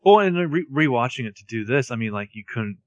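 A man co-hosting a podcast, chatting casually while recapping a TV episode, with lots of fillers and drawn-out phrasing. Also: medium pitch, expressive, dry recording, lo-fi sound. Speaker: podcast co-host.

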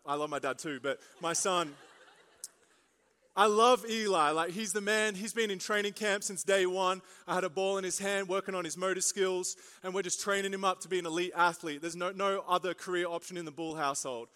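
A young male pastor preaches with a high, bright voice, mixing playful asides and stories into his sermon. His voice rings out with a long reverb through a large church hall. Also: a little fast. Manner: animated storytelling with jokes and asides.

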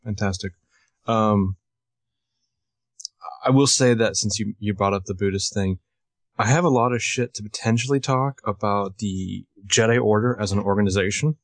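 A man co-hosting a casual podcast with wry, understated humor and a low-key delivery. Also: normal speed, no room sound. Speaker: podcast co-host.

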